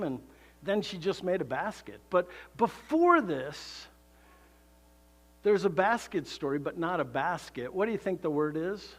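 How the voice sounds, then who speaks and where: A man preaching a sermon, animated and conversational, asking the congregation rhetorical questions and laughing between points. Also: sits high. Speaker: pastor.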